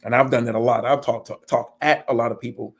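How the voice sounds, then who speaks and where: A man's voice: mid-range voice, fairly even intonation, fast talker, slightly rough. A middle-aged man speaking earnestly in a panel discussion, self-deprecating and laughing now and then as he tells his own stories. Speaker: panel guest.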